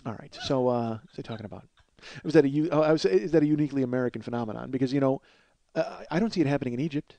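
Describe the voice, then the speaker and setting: A man in his forties hosts a podcast, his mellow, mid-range voice moving very fast. He rambles through a crude comedic monologue, poking fun at himself and laughing at his own jokes.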